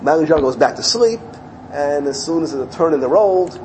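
Animated rabbi telling a story. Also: male voice, fairly quick, a little hiss or hum, rough recording. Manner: animated storytelling, acting out quotes with rising pitch. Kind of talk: storytelling Torah talk.

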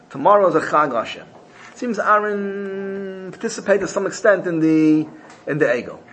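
A man's voice: medium pitch, a little hiss or hum, rough recording. A man teaching a Torah class, telling a parable. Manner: animated storyteller, voices characters in the parable. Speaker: rabbi.

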